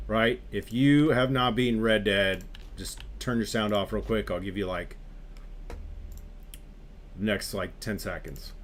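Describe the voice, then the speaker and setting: Low-voiced man ranting on a stream. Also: a little slow, pauses often, slight background noise. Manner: animated, ranting, swears freely. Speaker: game streamer. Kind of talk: casual chat with live viewers.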